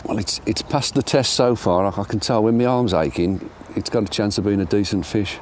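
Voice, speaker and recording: A man's voice: lowish voice, brisk, darkish tone, a little hiss or hum. An older man, chatting self-deprecatingly while fighting a fish outdoors by a lake. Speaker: angler and show presenter. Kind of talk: casual fishing commentary.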